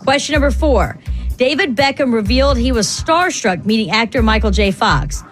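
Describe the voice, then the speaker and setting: A woman hosting a morning radio quiz show, brisk and playful, quick to laugh. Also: on the high side, lively intonation, faint music behind.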